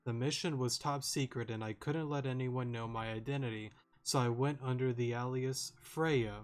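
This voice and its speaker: A man reading aloud the lines of a remorseful young woman detective in a game, slow and earnest. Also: medium pitch, steady tone, lightly acted. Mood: solemn.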